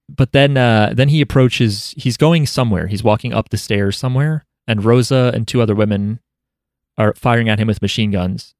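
A man hosting a podcast, chatting casually with offhand, deadpan jokes. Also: on the low side, no room sound, clean studio sound. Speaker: podcast host. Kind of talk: casual chat.

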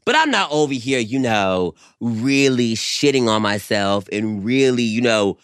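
A man's voice: medium pitch, measured pace, smooth, no echo, studio quality. A man co-hosting a casual podcast, talking animatedly and swearing often as he chats with a friend. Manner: animated, swears often, calls people girl. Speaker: podcast co-host. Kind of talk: casual chat.

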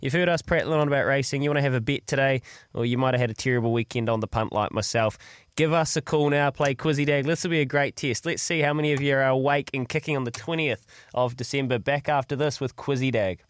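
A man's voice: medium pitch, quick pace, clear, resonant tone, no echo. A man hosting breakfast radio, upbeat and joking with callers and his co-host. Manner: upbeat, joking, calls people bro.

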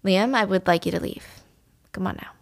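A woman's voice: medium pitch, a little fast, vocal fry, dry recording, studio quality. A woman voicing an uneasy man who hesitantly asks an intruding guest to leave. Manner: hesitant, uncomfortable. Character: uneasy, awkward younger man asked to leave.

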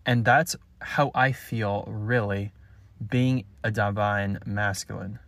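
Low-voiced man, frustrated confessional monologue. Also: steady tone, gravelly, fairly bright tone, no room sound. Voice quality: frustrated, halting and blunt. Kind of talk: confessional spoken message.

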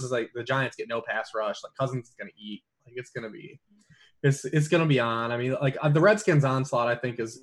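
A man talking through fantasy football picks in a casual podcast chat, with lots of fillers and restarts. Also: mid-range voice. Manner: rambling, many fillers and restarts.

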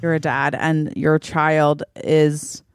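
A woman's voice: sits low, little pitch movement, slow, clear, resonant tone, no echo, clean studio sound. A woman co-hosting a comedy podcast, telling an improvised comic story in a playful way. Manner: playful, reacts with groans and gasps. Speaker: podcast co-host.

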